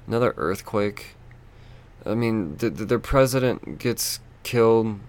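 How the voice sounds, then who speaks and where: A man hosting a solo podcast, ranting in a frustrated, profane way with lots of halting restarts. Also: fairly low pitch, lively intonation, a little mellow. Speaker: podcast host.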